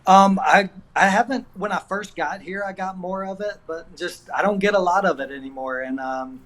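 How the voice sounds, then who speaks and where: Laid-back Southern man with a Georgia accent, a wrestling coach in casual podcast talk, voice a touch high. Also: normal speed, fairly bright tone. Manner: easygoing storyteller, chuckling often.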